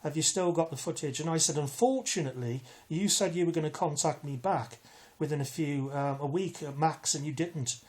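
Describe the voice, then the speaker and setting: Bloke rambling through a grievance, slightly high voice, lots of restarts. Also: male voice, brisk, few pauses, a little mellow. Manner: rambling, restarts and asides, aggrieved. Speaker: vlogger. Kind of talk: casual storytelling to camera.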